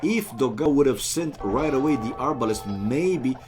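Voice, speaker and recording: A man who is not a native English speaker casting a live strategy game, excitable and chatty, with sudden bursts of exclamations and joking asides to viewers. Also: medium pitch, normal speed, music in the background. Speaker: game caster.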